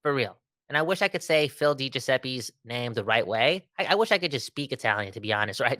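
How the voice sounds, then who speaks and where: Animated, bright-voiced podcast co-host man. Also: medium pitch, quick pace, no echo, clean studio sound. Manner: animated, joking, with many fillers and restarts. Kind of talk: casual sports podcast chat.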